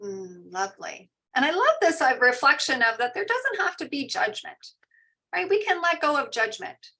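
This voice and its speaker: A woman teaching mindfulness in an online session, guiding a meditation and then reading out and answering participants' shares in a soft, slow, soothing way. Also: high-pitched, big pitch swings. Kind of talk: guided meditation and parent info session. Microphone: online video call.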